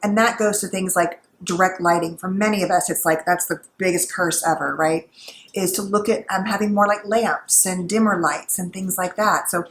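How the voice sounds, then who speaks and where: A middle-aged woman psychologist giving casual, gently instructive advice while cooking at home, with a conversational manner. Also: on the low side, steady tone, normal speed, roomy sound, slight background noise, poor audio. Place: home kitchen.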